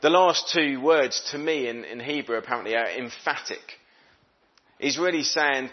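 Through a muffled recording, a man with a medium-pitched voice preaches a sermon at a moderate pace. He reads scripture aloud and talks it over in an easy, conversational way, sometimes voicing what the characters are thinking.

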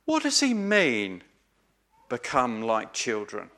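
A man's voice: mid-range voice, wildly swooping pitch, takes it slowly, bright, forceful tone. A man preaching an earnest sermon, stressing key phrases by repeating them. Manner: earnest, emphatic, with repeated phrases and small restarts.

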